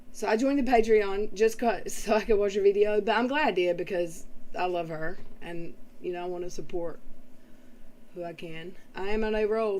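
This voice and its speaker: A woman's voice: mid-range voice, a little mellow. A woman hosting a casual livestream, rambling with fillers as she reads and answers chat comments. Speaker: livestream host.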